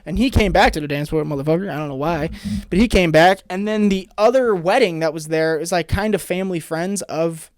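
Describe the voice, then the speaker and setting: A man's voice: fairly high pitch, brisk, no room sound. A man co-hosting a podcast, telling stories in a laid-back, casual way and swearing freely. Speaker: podcast co-host. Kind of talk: casual chat.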